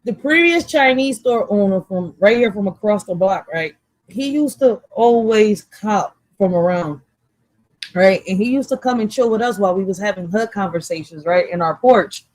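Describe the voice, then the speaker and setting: A woman of Puerto Rican background, raised in Philadelphia, co-hosts a casual talk show, blunt, swearing freely, and laughing often. Her medium-pitched voice is expressive with a darkish tone at normal speed, recorded dry.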